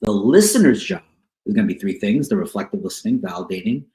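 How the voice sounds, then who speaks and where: A man with a fairly low voice teaches like a counselor. He explains patiently, repeats key words and keeps checking in with "right?". The room around him sounds echoey. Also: sing-song, quick pace, dark tone. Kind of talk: teaching on couples conflict.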